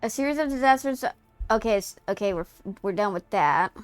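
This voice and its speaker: A woman streamer on a headset, reading game text aloud and reacting in an excitable, profane, giggly way. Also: mid-range voice, brisk, smooth, no room sound, soft background music. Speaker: streamer playing a video game.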